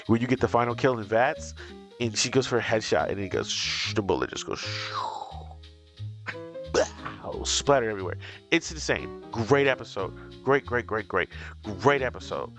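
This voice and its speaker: A man casually recapping and reviewing a show, chatty and excitable, peppering his talk with "like". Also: medium pitch, brisk. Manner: excitable, chatty, heavy use of "like". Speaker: video reviewer. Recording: voice over background music. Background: music.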